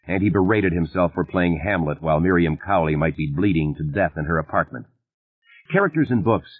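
A man reading an audiobook in an expressive, storytelling way. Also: low-pitched, husky. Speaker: audiobook narrator. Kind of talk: scripted narration. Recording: narrow phone-like band.

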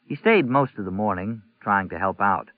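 Low-voiced man reading a novel. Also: animated, normal speed, dry recording. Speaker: audiobook narrator. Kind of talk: novel narration. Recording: tinny phone-like audio, dry.

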